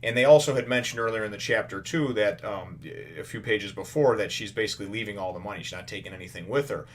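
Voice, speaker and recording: Low-voiced man rambling through a review. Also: quick pace. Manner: rambling, full of "you know" fillers; retells the story animatedly. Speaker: manga reviewer. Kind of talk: casual spoken review.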